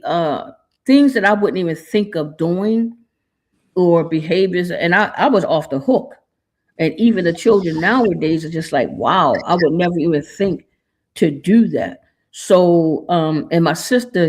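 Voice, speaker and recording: A woman's voice: lowish voice, darkish tone. A woman hosting a podcast, talking in an earnest, casual way with informal slang, holding back tears. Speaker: podcast host. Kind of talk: heartfelt podcast monologue.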